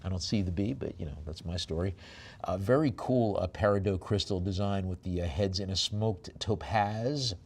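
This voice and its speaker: A man working as an auctioneer, describing each lot in a relaxed, joking way, then chanting the bids quickly. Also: deep voice. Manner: rapid bid chanting between chatty, joking descriptions. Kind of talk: live auction calling with item descriptions.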